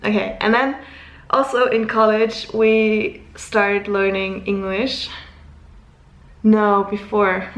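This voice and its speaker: A woman's voice: mid-range voice, level tone, slow pace. A young woman from Luxembourg, chatting casually to camera and rambling with self-corrections. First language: German. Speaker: vlogger. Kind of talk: casual chat. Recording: echoey room.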